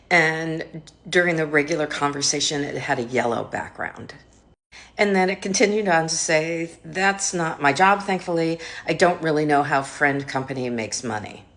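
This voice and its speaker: A woman's voice: deep voice, a bit bright. A woman marketing expert giving casual, skeptical commentary to camera in a conversational way.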